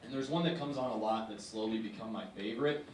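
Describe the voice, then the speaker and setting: A young man performs a stand-up set in a wry, deadpan way, tossing in quick asides. His voice sounds echoey and distant, with a faint hiss underneath. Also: fairly low pitch. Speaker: stand-up comedian.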